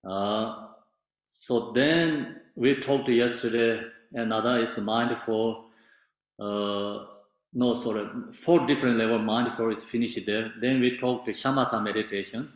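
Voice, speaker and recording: A man teaching meditation in halting non-native English with many fillers, explaining patiently. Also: medium pitch, steady tone. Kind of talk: meditation instruction. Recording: very echoey room.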